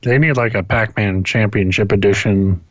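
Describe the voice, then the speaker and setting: A man's voice: lowish voice, fairly even intonation, moderate pace, no echo, muffled recording. A man co-hosting a podcast, chatting casually about video games in a rambling way, swearing often and restarting his sentences. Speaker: podcast co-host. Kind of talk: casual gaming chat. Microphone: internet call.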